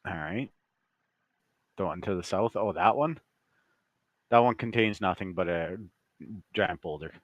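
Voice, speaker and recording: A man's voice: deep voice, animated, a little slow, pauses often, dry recording, highs cut off. A man running a tabletop game as game master, narrating scenes in a casual, loose way with the odd swear word.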